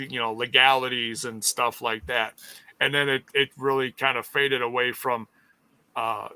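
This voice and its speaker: A man co-hosting a podcast who tells a story in an excitable, tumbling way. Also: mid-range voice, no room sound. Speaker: podcast co-host. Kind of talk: casual chat.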